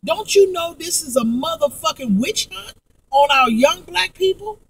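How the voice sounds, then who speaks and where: A woman's voice: very high voice, lively intonation, a little slow, a bit bright, distant mic. A woman vlogger in a profane, angry monologue, repeating herself and stumbling through restarts. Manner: profane, emphatic, repetitive, with heavy stammered restarts.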